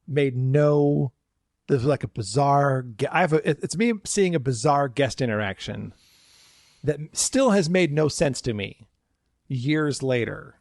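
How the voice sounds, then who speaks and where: A man's voice: mid-range voice, dry recording, clean studio sound. A man co-hosting a podcast, telling a work story in casual chat and acting out the people in it with raised voices. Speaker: podcast co-host, former theme park worker.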